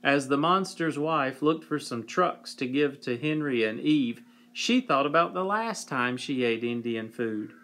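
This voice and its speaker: A man reading a whimsical children's story aloud with a slow, wry delivery, sometimes clearing his throat. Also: medium pitch, animated, a bit bright.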